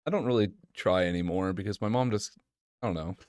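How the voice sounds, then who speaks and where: A man's voice: low-pitched, fairly quick, darkish tone, no room sound, clean studio sound. A man co-hosting a casual podcast, talking bluntly and swearing freely. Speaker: podcast co-host. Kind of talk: casual chat.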